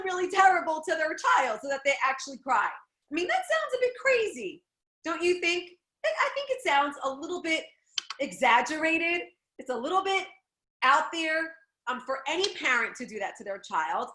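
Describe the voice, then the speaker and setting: A woman giving a Torah class, telling the story with lively, expressive delivery and acting out the people she quotes. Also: high voice, echoey room. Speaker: Torah teacher.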